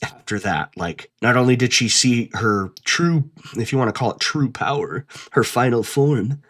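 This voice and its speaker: A man's voice: mid-range voice, very animated, normal speed, fairly bright tone. A man hosting a casual commentary video essay, talking bluntly and swearing freely.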